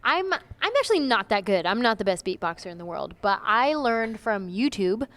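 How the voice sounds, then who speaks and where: A young woman comedian chatting in an interview, animated and full of "like" and "you know". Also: on the high side, normal speed, a little hiss or hum. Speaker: comedian guest. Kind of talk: casual interview chat.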